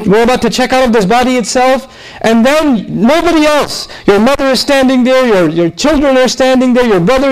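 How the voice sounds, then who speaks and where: A man giving a conversational Quran lecture, lively and humorous, telling stories to draw his listeners in. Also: very high-pitched, low-quality recording. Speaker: Quran teacher.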